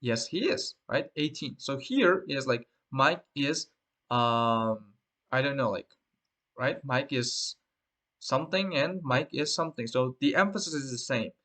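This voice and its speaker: A man's voice: medium pitch, expressive, unhurried, fairly bright tone. A man teaching a lesson, explaining at length with many fillers and a tag question after most points. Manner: rambling, with frequent fillers and repeated "right?".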